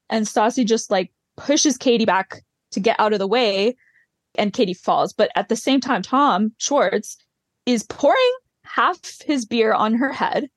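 A woman's voice: on the high side, no echo. A woman co-hosting a podcast, recapping a show in casual chat and laughing often. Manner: chatty, laughs often, acts out quotes. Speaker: podcast co-host.

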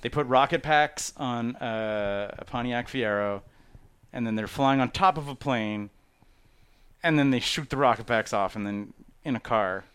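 A man talking casually about movies, animated, laughing often and acting out lines from the films. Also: medium pitch, measured pace, clean tone, no room sound. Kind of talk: casual chat.

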